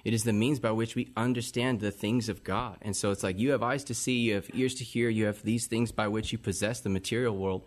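Low-voiced man preaching scripture. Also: steady tone, a little fast, hardly any pauses. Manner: earnest, quotes scripture in old wording. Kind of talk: preaching-style faith talk.

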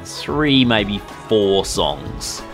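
A man's voice: on the low side, very animated, drawn-out words, music in the background. A man co-hosting a podcast, giving album opinions in casual chat with hesitant, stammering restarts. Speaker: podcast co-host. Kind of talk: casual music review chat.

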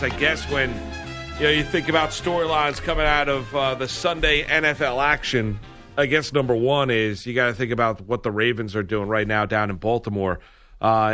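Man, sports radio host, bright forceful tone, rambling casual talk, studio mic. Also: medium pitch. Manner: rambling, self-correcting, laughs often.

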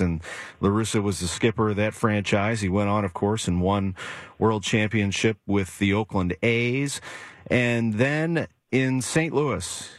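Low-voiced male radio host, dry studio. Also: dry recording. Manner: enthusiastic, conversational. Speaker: radio talk show host. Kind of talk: radio show hosting. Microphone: studio microphone.

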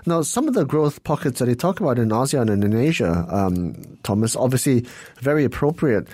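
A man's voice: medium pitch, very animated, brisk, dark tone, breathy edge, dry recording. Dry-sounding male business interviewer. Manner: direct, pointed questions. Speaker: interviewer host.

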